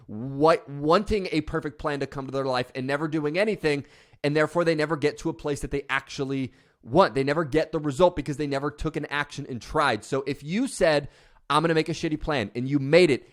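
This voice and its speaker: A man's voice: mid-range voice, fairly bright tone. A man giving a passionate, emphatic motivational talk. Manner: passionate, emphatic, mocking voice at the start. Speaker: motivational speaker.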